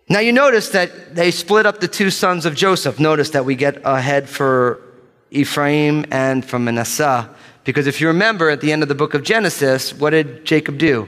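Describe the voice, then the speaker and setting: A male pastor delivers a sermon to his church, lively and playful and calling out for amens. His voice sits a little high. A long reverb from the large church hall trails behind his words. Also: moderate pace. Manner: lively, joking, calls for amens. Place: church sanctuary with live congregation.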